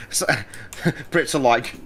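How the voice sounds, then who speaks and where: A man's voice: medium pitch, very slow, a bit bright, a little hiss or hum. A young Australian man whose accent leans British, a guest chatting dryly on a gaming stream and chuckling often. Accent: British-tinged Australian. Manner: dry, chuckling, wry. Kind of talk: casual gaming chat.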